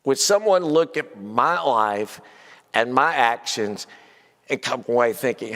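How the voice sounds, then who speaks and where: A man's voice: medium pitch, expressive, slow, fairly bright tone. A man preaching a conversational Bible class in a church, asking many rhetorical questions and often saying "you know". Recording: long hall reverb.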